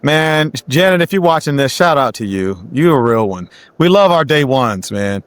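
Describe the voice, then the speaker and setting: A man's voice: medium pitch, big pitch swings, normal speed. A man hosting an interview show, asking questions in an encouraging, conversational way. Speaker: podcast host.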